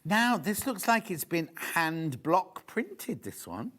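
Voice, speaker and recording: This man speaks in a high, sing-song voice with a slightly bright tone, taking his time. He's presenting a live TV shopping show in a studio, chatting and gossiping with enthusiasm while showing off fabrics.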